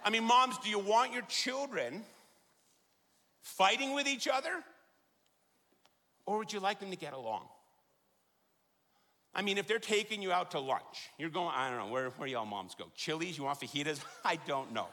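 A middle-aged man preaching a sermon in a large church, joking and then driving points home with loud emphasis. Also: sits high, moderate pace, pauses often. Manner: animated, jokey preaching with sudden loud emphasis. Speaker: pastor. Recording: long hall reverb.

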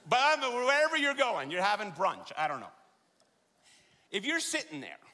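A middle-aged man preaching a sermon in a large church, joking and then driving points home with loud emphasis. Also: high voice, normal speed. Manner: animated, jokey preaching with sudden loud emphasis. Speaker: pastor. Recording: long hall reverb.

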